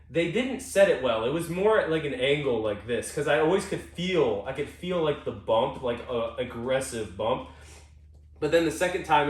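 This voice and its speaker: Brief: young man, casual storyteller, self-interrupting and profane, distant mic, roomy echo. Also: medium pitch. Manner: rambling, self-interrupting, swearing freely. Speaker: podcast co-host.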